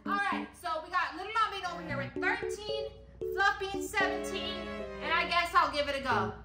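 A young woman vlogging, playfully talking to her toy llamas and cheering them on in a bubbly, animated way. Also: very high-pitched, brisk. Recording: echoey room with music behind.

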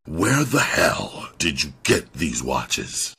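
A man's voice: deep voice, expressive, slow, a bit bright, slightly rough, exaggerated voice. A man voicing a hard, cold male detective who questions in a cool, menacing way.

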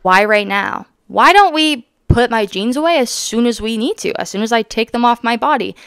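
A woman's voice: a little high, expressive, normal speed, gravelly, a bit bright, smooth, no room sound, clean studio sound. A young woman from Canada giving heated, emphatic commentary as she reacts to a video, blunt and swearing freely. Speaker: autistic vlogger reacting to a therapy video.

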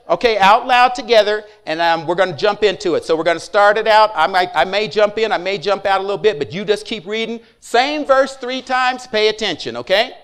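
High-voiced man preaching a sermon. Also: fairly bright tone. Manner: conversational preaching with call-and-response asides. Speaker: pastor.

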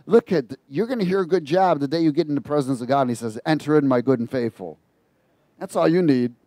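A man preaching an informal sermon on a psalm in an animated, mocking way, laughing at his own asides. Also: a little high, fairly quick, no echo.

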